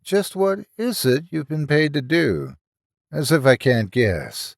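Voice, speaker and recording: A man's voice: mid-range voice, very animated, a little slow, no room sound, studio quality. Man doing an anxious, sarcastic captive doctor. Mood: tense. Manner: urgent, sarcastic, pressing.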